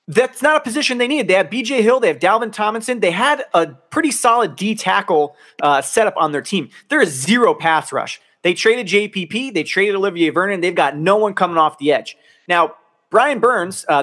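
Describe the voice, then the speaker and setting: A man's voice: sits high, fairly bright tone. A man co-hosting a podcast, ranting in casual talk, exasperated and swearing a lot. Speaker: podcast co-host. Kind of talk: heated casual sports rant.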